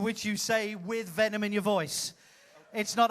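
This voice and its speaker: A man's voice: sits high, slow, a bit bright. A man hosting an audience-participation comedy show on a ship stage, teasing and bossing volunteers through a handheld mic. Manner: teasing, flamboyant, bossy direction. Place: ship theater.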